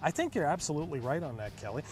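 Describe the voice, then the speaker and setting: A man's voice: fairly high pitch, very animated, rapid-fire. A man co-hosting a car review show, explaining features in an enthusiastic, chatty way.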